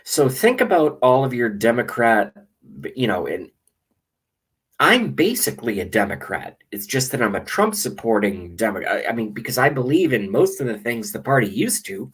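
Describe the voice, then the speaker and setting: A man's voice: medium pitch, big pitch swings, moderate pace, a bit bright, slightly rough, rough recording. A man delivering a rambling, sarcastic and profane political rant to his webcam as a vlogger. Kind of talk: ranting monologue to camera.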